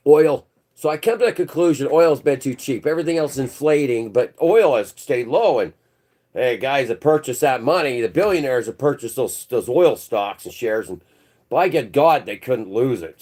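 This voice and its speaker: A man's voice: mid-range voice, animated, normal speed, a little mellow. A man hosting a livestream, rambling through conspiratorial commentary and calling his viewers "bro". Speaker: channel host. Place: indoors.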